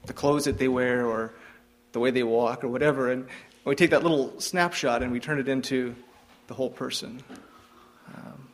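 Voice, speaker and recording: A man's voice: medium pitch, steady tone, moderate pace. A younger man giving an informal devotional talk, hesitant, with frequent ums and restarts.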